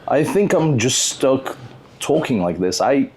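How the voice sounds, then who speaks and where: A man putting on a slow, prim British gentleman. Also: medium pitch, lively intonation, slight background noise, lightly acted. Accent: put-on British English. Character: prim adult British gentleman calling himself Sir. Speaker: podcast host.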